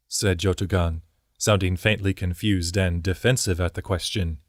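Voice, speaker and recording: A man narrating a fantasy novel at a measured, steady pace. His voice sits on the low side. The recording is dry and close with no room sound. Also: no echo. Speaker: audiobook narrator. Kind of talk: scripted narration.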